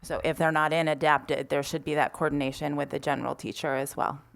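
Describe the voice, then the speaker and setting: A woman's voice: deep voice, little pitch movement, fairly quick, vocal fry. Woman presenting policy at a board meeting. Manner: explanatory, with frequent um fillers. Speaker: district administrator presenting policy.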